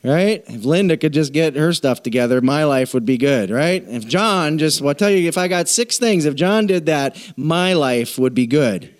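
A man's voice: on the high side, lively intonation, normal speed, hardly any pauses. A man preaching a sermon in a humorous, conversational way and asking the congregation to answer back. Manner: humorous, conversational, self-deprecating; asks the congregation for responses. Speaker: pastor.

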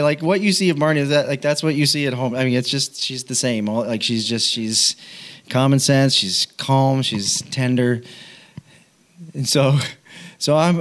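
A middle-aged man preaching with a personal story from his own home. He is animated and self-mocking, breaks into laughter and restarts his sentences, and his voice sits at an ordinary middle pitch.

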